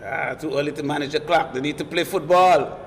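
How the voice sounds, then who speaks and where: A man co-commentating a live football match, emphatic and repetitive, loud at big moments. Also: a little high, a little fast, gravelly, long reverb tail, a little hiss or hum. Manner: emphatic, repeats phrases, gets loud at goals. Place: stadium commentary position.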